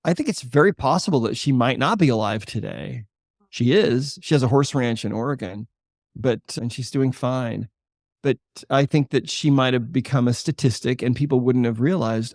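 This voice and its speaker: An older man, a holistic chiropractor, explaining his work and telling a patient story in a podcast interview with a measured, earnest delivery. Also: mid-range voice, darkish tone, no room sound, studio quality. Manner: earnest, measured explainer who slows for emphasis.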